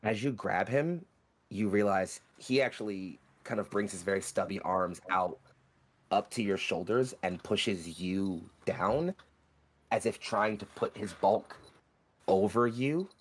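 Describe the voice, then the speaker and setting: Low-voiced man narrating as game master. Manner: vivid, rushing descriptive narration. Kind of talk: narrating a tabletop role-playing game.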